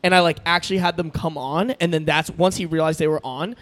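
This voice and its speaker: A man's voice: a little high, fairly even intonation, fairly quick, a bit bright. A young man from Arizona in casual chat, recounting a story with quoted dialogue and frequent restarts.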